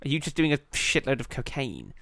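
A man's voice: mid-range voice, huge pitch swings, brisk, creaky, very noisy. A man co-hosting a casual comedy podcast, riffing and laughing as he goes and swearing freely. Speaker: podcast co-host.

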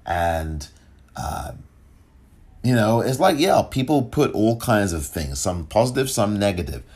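Deep husky-voiced man, podcast host. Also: sing-song, a little slow, a little mellow. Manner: emphatic, rhetorical questions, stumbles over words. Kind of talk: solo podcast commentary.

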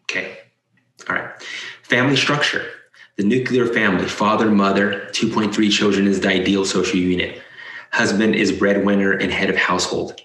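Guy reading a list and snarking on it, kinda low voice, roomy echo. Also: fairly even intonation, moderate pace, a bit bright. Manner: sarcastic, incredulous asides. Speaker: commentator. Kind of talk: casual commentary reading a list aloud. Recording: echoey room.

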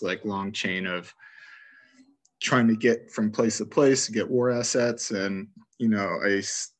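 Man, fairly low voice, casual game talk, rambling, laughs at funny scenes. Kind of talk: casual video game chat.

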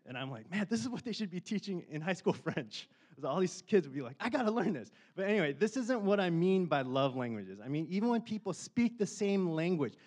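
A man's voice: medium pitch, darkish tone. A man in his forties preaching a casual sermon in a chatty, self-deprecating way, rising to impassioned questions at times. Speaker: pastor.

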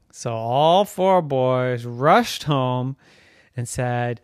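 Playful slow bedtime storyteller man. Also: no room sound, clean studio sound. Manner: playful, slow and lively, jumping up high for excited children's voices.

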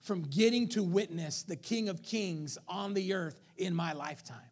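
A male preacher voicing a short, determined man speaking quietly and resolutely. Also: high voice, moderate pace, pitched below the performer's own voice.

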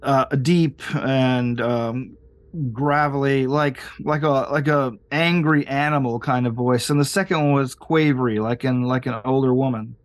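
A man narrating as game master with many pauses and fillers. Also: mid-range voice, steady tone, dry recording.

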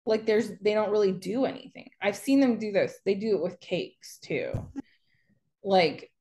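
A woman's voice: medium pitch, moderate pace. A woman co-hosting a podcast, telling long rambling stories in casual chat and mimicking the people she describes. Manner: rambling, animated storytelling with mocking quotes. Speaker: podcast co-host.

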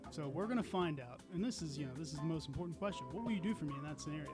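A man's voice: on the high side, lively intonation, racing. A man hosting a casual podcast, joking around and running a quiz for his friends. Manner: joking, storytelling, quizmaster. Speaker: podcast host. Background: music held up to the mic.

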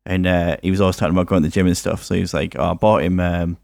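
A man's voice: deep voice, steady tone, very fast, gravelly, a little mellow, no echo. A man co-hosting a podcast, telling stories hesitantly with lots of ums. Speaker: podcast co-host. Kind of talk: casual chat.

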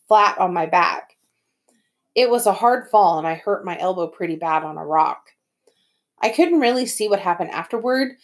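A woman reading a first-person story aloud as an audiobook narrator, with lively storytelling. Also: fairly low pitch.

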